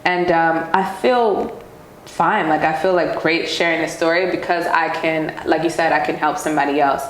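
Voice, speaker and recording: A woman's voice: low voice, fairly even intonation, normal speed. A young woman from Queens telling her story as a podcast guest, chatty, with many fillers. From Queens, New York. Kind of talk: casual podcast conversation. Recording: roomy sound with faint noise.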